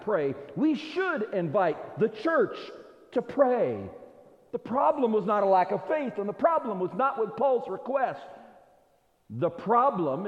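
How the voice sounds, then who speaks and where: A man preaching a sermon as a pastor, with emphatic delivery and long pauses. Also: sits high, darkish tone. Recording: echoey hall, dull sound.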